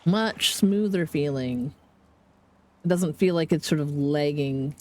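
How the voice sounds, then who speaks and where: A woman streamer in casual live gameplay commentary, chatty and excitable, rambling to herself at a desk mic. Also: low voice, slow pace.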